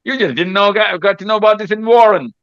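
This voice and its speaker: A man's voice: high-pitched, fast, a bit bright, clean tone, no room sound. Teasing, reassuring man on a dry, dull call. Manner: teasing, reassuring, repeats himself. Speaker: mentor hosting a session with teenagers. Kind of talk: casual group chat.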